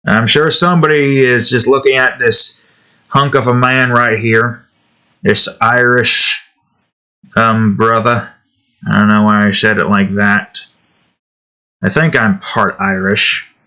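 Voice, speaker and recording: A man's voice: lowish voice, steady tone, measured pace, pushed and bright. A young man hosting his own art channel, rambling in an offhand, self-deprecating way as he chats and draws. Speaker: artist and channel host. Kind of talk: casual chat while drawing.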